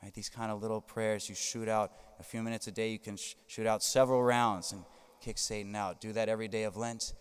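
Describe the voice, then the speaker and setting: A man's voice: lowish voice, flat delivery, a little fast, clear, resonant tone. A man preaching as a Catholic priest, emphatic, tagging his points with "right?". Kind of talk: sermon. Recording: long hall reverb.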